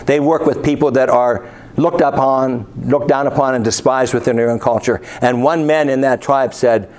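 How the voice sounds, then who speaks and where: A man's voice: medium pitch, fairly even intonation, moderate pace, a little mellow. A man preaching a sermon, reading scripture aloud and asking his listeners rhetorical questions.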